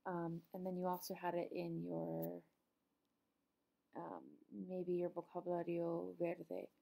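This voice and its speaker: Patient woman teacher with a dark, gravelly voice. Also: lowish voice, completely flat delivery, slow. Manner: patient, explanatory, with frequent ums. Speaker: Spanish teacher. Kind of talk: recorded classroom lesson.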